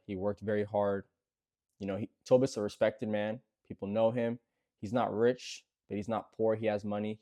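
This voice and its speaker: Male storyteller, low and mellow, earnest conversational scripture retelling. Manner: conversational, repetitive, earnest, addresses listener directly. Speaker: bible storyteller.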